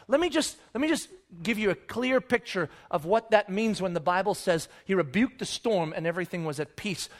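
A man preaching a sermon in a conversational way, acting out the story with sudden loud and hushed moments and often asking "right?". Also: high-pitched. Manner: animated storytelling, acts out disciples and Jesus with sudden loud and hushed voices; conversational, keeps checking with "right?". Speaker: pastor.

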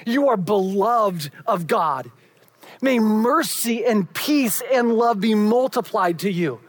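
A preacher delivering a sermon, building up with emphasis and then dropping to hushed, quiet endings. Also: medium pitch, animated, takes it slowly.

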